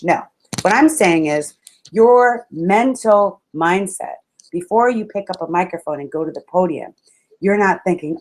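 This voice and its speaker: Animated woman speaker, lowish voice. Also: normal speed. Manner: expressive, addresses listeners as friends; animated, with sudden exclamations. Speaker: motivational speaker. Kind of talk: webinar talk on public speaking.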